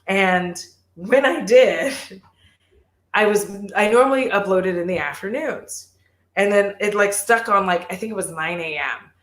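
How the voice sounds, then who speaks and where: A woman's voice: mid-range voice, a little slow, roomy sound. A woman who makes beauty videos, chatting casually on a livestream and telling stories full of swearing and "like". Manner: profane, rambling storytelling with lots of "like". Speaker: beauty youtuber.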